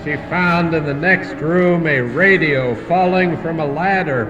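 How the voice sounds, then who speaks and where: A man giving a slow, deliberate poetry reading, chanting repeated lines. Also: on the high side, reverberant, distant mic, lo-fi sound, noisy background. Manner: slow, deliberate incantatory repetition. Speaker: poet.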